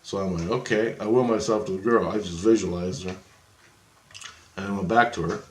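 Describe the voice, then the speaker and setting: A man with a somewhat low voice tells a long, rambling story, swearing often and getting worked up as he goes. He slips into the voices of the people in it, and his voice rings around an echoey room. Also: brisk, a little hiss or hum. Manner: profane, agitated, acts out voices in his story. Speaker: vlogger recounting astral travel. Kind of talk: rambling first-person storytelling.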